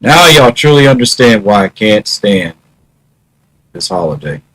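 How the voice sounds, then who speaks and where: A man's voice: lowish voice, sing-song, measured pace, a bit bright, rough recording. A man musing in a casual vlog monologue, wry and half-joking. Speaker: vlogger.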